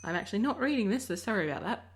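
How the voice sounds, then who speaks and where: A medium-pitched Australian woman races through casual commentary on her recorded Minecraft gameplay, her intonation lively. She's a chatty let's player who rambles and regularly stops herself mid-sentence.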